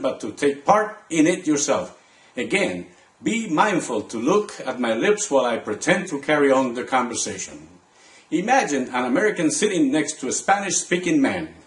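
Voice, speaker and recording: A man teaching a language lesson, saying words slowly and part by part for the listener to repeat. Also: a little high. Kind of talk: slow, deliberate language lesson.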